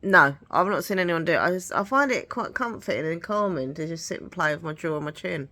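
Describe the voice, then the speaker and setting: A woman's voice: on the low side, expressive, quick pace, bright, forceful tone. Chatty woman with a nasal voice. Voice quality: nasal from hay fever. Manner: chatty, rambling, giggly. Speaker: vlogger. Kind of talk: casual home vlog chat. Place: home.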